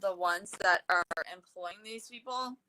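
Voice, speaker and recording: A woman's voice: medium pitch, measured pace, bright, forceful tone, low-quality recording. A woman speaking hesitantly in a played clip, searching for her words.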